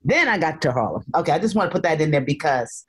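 A woman from North Carolina, a guest telling lively stories in a casual interview and quoting people in voices. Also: low voice, fast, breathy edge. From North Carolina, USA. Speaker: guest actress.

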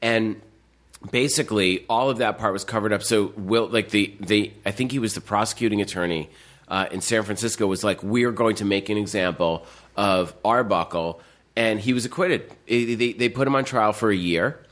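Animated low-voiced man telling stories. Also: a little fast. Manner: animated storytelling, lots of fillers, laughing. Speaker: podcast guest. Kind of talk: casual chat.

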